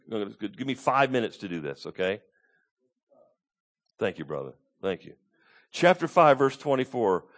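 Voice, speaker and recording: A man preaching a sermon as pastor, emphatic, repeating his key points and asking the congregation to call out answers. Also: mid-range voice.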